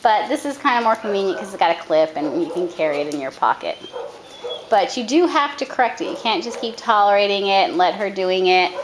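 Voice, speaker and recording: A woman dog trainer giving a hands-on coaching demonstration outdoors, calm when she explains and brisk when she gives instructions. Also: mid-range voice. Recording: camera audio with loud background noise.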